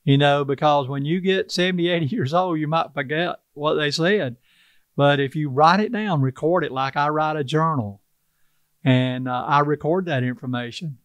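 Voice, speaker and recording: A man's voice: fairly high pitch, moderate pace, dry recording. An older man from South Carolina with a Carolina Southern accent, talking in a folksy, earnest way as an interview guest. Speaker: tribal chief, interview guest. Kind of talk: casual interview talk.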